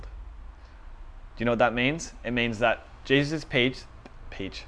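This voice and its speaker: Young guy preaching, chatty and animated, mid-pitch voice, reads scripture then riffs on it. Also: slow, long pauses. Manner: conversational, animated, laughs at own points. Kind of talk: informal sermon.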